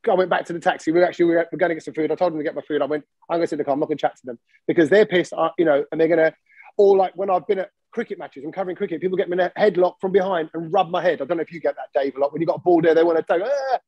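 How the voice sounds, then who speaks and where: Animated man hosting a podcast. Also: a little high, rapid-fire, husky, dry recording, lo-fi sound. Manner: animated, acts out quoted voices. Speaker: podcast host. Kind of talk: casual chat.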